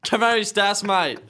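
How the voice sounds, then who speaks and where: A young man putting on a cheeky, slangy Australian accent as a loud, obnoxious bloke. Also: high-pitched, voice pushed up, heavily acted. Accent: put-on Australian. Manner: cheery, slangy, drops "mate" everywhere.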